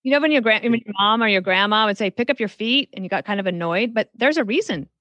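A woman's voice: mid-range voice, expressive, fast talker, pushed and bright, no echo, lo-fi sound. A woman guest on a podcast interview, frankly giving career advice and telling stories from her work. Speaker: guest author.

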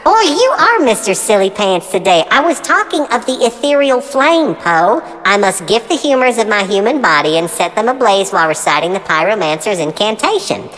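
A woman's voice: mid-range voice, very animated, moderate pace, hardly any pauses, fairly bright tone, big-room sound, rough recording. A woman playing a teasing singsong pyromancer. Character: chirpy young woman pyromancer, playful and mystical.

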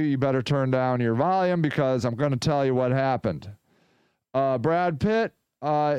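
A man hosting a casual podcast, rambling and excitable, talking in bursts into a close mic. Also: fairly high pitch, clean tone, no room sound. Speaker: podcast host.

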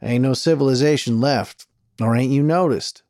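A man's voice: medium pitch, moderate pace, darkish tone, dry recording, studio quality, natural voice. A man doing a drawling frontier sheriff. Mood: firm. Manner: drawling, folksy, firm. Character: gruff, steady frontier sheriff, middle-aged man.

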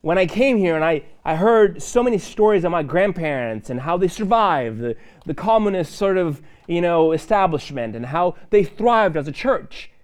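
Lively, animated preaching man. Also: high voice, normal speed, hardly any pauses, clean tone. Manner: lively conversational preaching with fillers and asides. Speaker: pastor. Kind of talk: sermon. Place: church.

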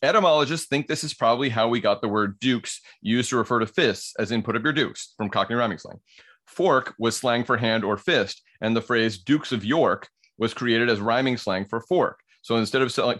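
Male podcast co-host, mid-range voice, relaxed explainer who laughs easily and reads aloud. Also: mid-range voice. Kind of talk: casual podcast banter.

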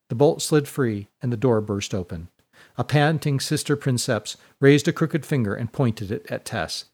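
A man reading a serialized story aloud in a measured, even storyteller's delivery. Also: medium pitch. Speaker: narrator. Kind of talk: scripted storybook narration.

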